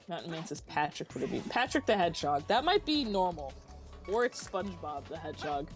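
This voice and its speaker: A woman's voice: deep voice, sing-song, fairly quick, soft background music. A woman co-hosting a livestream, reading chat aloud in a casual, giggly way and laughing often. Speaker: stream co-host reading chat.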